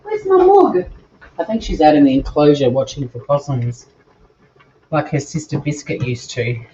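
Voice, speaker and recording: A woman's voice: a bass voice, fairly even intonation, normal speed, mellow, highs cut off. Bubbly Australian woman cooking live. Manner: bubbly, chatty, talks to viewers while cooking. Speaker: cooking show host. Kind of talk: live-streamed cooking chat. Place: home kitchen.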